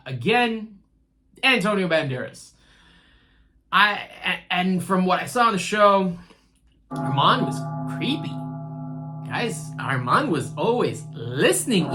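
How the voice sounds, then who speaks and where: A woman giving casual commentary on a TV series, rambling and laughing, and talking straight to the characters as if they could hear her. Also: mid-range voice. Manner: animated, talks straight to the characters; chatty, rambling, laughs easily. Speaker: TV show reviewer.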